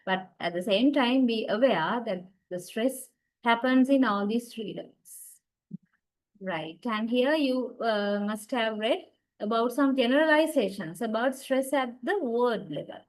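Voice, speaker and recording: A woman's voice: a little high, lively intonation, a little slow, low-quality recording. A woman lecturing on English word stress, speaking English as a second language, with frequent "uh"s and regular checks like "right?" and "okay". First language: not English. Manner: frequent "uh" fillers and restarts. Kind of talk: recorded university lecture.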